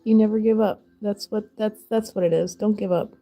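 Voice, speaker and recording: Chatty woman streamer with a mellow voice. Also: mid-range voice, steady tone, brisk, faint music behind. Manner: chatty, rambling, laughs often. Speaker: crafting streamer. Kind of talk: casual chat while crafting.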